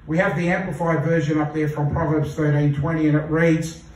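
A man preaching a sermon as pastor, earnest and repeating phrases for emphasis, slowing down to read scripture. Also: fairly high pitch, level tone, darkish tone, a little hiss or hum. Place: church hall. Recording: echoey church hall from far off.

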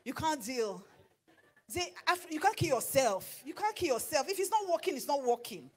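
Animated high-voiced Nigerian woman preaching. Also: fairly quick. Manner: animated, switching into pidgin and acted asides. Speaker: pastor and marriage counselor. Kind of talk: sermon.

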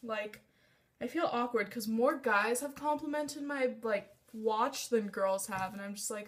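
A woman's voice: a little high, unhurried, a bit bright. A young woman vlogging at home, chatting in a rambling, self-deprecating way while she does her makeup. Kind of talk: casual makeup vlog.

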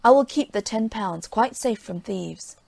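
A woman's voice: fairly high pitch, animated, a little slow, gravelly, a little mellow, heavily acted. A woman doing a fussy, gullible farmer's wife. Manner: fussy, exclaiming.

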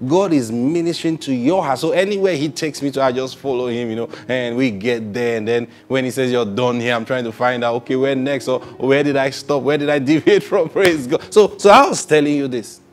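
A male pastor preaching a sermon, swinging between loud emphatic bursts and soft near-whispers. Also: medium pitch, brisk, few pauses, soft background music.

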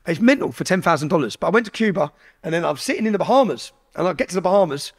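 Swearing heavily, this English podcast guest gives a casual, animated retelling full of quoted dialogue. He speaks rapid-fire in a high voice with a breathy edge.

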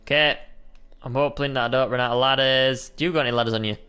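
A man's voice: medium pitch, steady tone, quick pace, pushed and bright, smooth. A young man chatting playfully while co-hosting a Minecraft let's play, often calling his partner mate. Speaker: gaming co-host.

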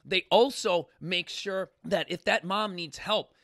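A man hosting a talk show, worked up and ranting, with a high, bright, forceful voice. He trips over his words and restarts often. The sound is dry and close. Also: measured pace, gravelly, dry recording. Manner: fired-up, ranting, profane, many restarts. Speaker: podcast host. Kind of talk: impassioned casual talk.

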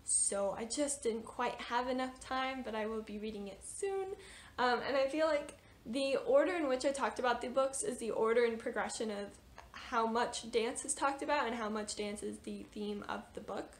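A woman's voice: a little high, normal speed, slight background noise. Chatty, gushing woman. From United States. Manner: chatty and gushing, with frequent fillers and exclamations. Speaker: book reviewer. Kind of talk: casual book review vlog.

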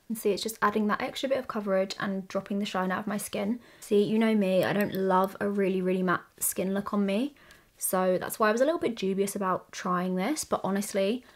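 A young British woman chatting candidly through a makeup tutorial, trading asides and stories as she works. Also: medium pitch. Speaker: beauty vlogger.

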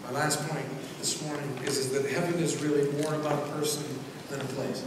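A man preaching a sermon as pastor, swinging between loud proclamations and quiet asides. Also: a little high, flat delivery, brisk. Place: large church sanctuary. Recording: echoey church hall from far off, noisy.

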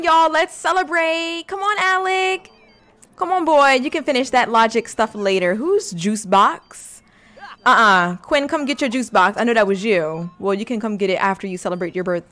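Lively, animated young woman gamer. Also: on the high side. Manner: chatty and expressive, talks to viewers. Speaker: gaming YouTuber. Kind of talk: casual let's-play commentary.

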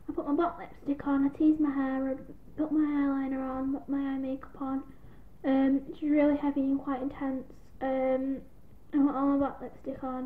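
A young woman vlogging in a rambling, self-deprecating casual chat to camera, recorded on a tablet. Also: high voice. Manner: giggly, self-deprecating, scattered. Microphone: tablet built-in mic. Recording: tinny lo-fi tablet audio with faint hiss.

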